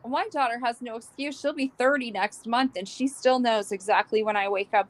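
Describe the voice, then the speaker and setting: A woman's voice: a little high, brisk, poor audio. A woman in her fifties with grown children and grandchildren, chatting casually as co-host and reading out viewer comments. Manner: relaxed and agreeable, quoting viewers.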